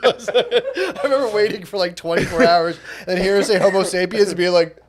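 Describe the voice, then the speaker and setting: 30s guy on a comedy podcast, kinda high voice, rambling stories, laughing at himself a lot. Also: fairly quick, few pauses. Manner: rambling storytelling, laughing through his own stories. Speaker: podcast co-host. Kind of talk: casual comedy podcast chat.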